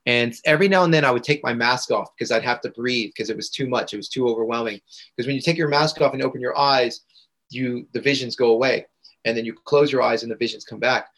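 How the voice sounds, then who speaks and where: A man's voice: mid-range voice, quick pace, fairly bright tone. A man being interviewed on a podcast, telling a personal story in an earnest way and repeating phrases for emphasis. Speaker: podcast guest, integration coach.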